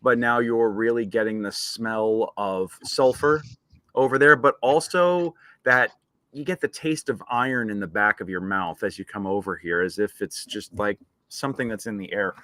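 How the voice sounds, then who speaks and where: A man's voice: lowish voice, moderate pace, a bit bright, dry recording. A man narrating a tabletop game as game master, rambling and hesitant with many fillers.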